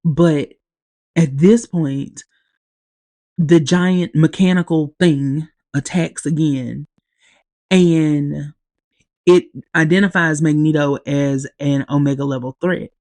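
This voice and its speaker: A woman hosting a podcast, casually recapping a TV episode, speaking haltingly with long pauses as she grows teary-eyed. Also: low voice, fairly even intonation, a little mellow, no echo. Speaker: podcast host.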